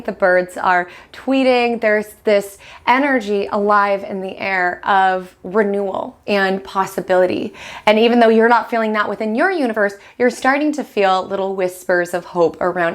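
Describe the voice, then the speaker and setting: A woman hosting a weekly astrology forecast, telling an animated story and acting out the listener's inner voice in quick quoted asides. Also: mid-range voice. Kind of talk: casual astrology forecast monologue.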